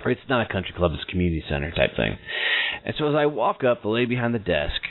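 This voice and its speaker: A man in his thirties, a show host telling a personal story in an animated way, acting out the people in it. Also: fairly low pitch, racing, soft background music. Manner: animated, acts out quoted voices in his story. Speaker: podcast host. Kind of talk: storytelling monologue. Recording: tinny phone-like audio.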